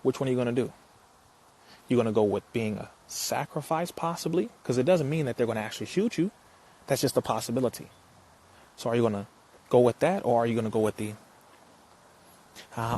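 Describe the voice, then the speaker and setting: A man giving an impassioned talk to an audience, preacherly and forceful, firing rhetorical questions and rising to emphatic peaks. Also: medium pitch, fairly quick, pauses often, slightly rough. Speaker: speaker addressing an audience.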